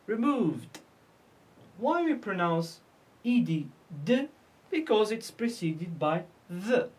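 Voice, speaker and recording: Slow, lively-voiced woman teacher. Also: mid-range voice. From North Africa. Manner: repeats each word slowly, asks and answers her own questions. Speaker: English teacher. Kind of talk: slow classroom lesson.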